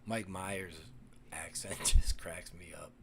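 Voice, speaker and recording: A low-voiced man chats loosely on a live stream, swearing often and stopping to restart his sentences. Faint noise sits under his voice. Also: fairly even intonation, takes it slowly, vocal fry. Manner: rambling, profane, many fillers and restarts. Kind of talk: casual chat with viewers.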